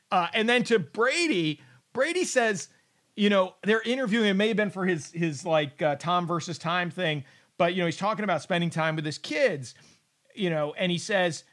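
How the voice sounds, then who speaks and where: A man's voice: high-pitched, expressive, normal speed, a bit bright. A man hosting a casual sports chat, riffing with profane, sarcastic humor.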